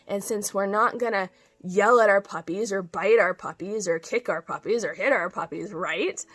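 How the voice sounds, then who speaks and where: A woman dog trainer giving an instructional talk, emphatic and expressive, acting out little examples as she explains. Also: mid-range voice.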